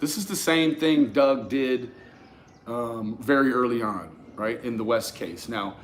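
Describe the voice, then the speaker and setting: A man telling a personal story to his viewers in a casual, profane, animated way, often restarting his sentences. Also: mid-range voice, unhurried. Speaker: YouTube commentator.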